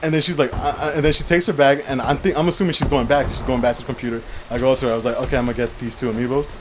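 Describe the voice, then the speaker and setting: A man's voice: medium pitch, steady tone, rapid-fire, background noise. A young man co-hosting a casual chat show, telling a long rambling story and often saying "how you call it". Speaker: podcast co-host.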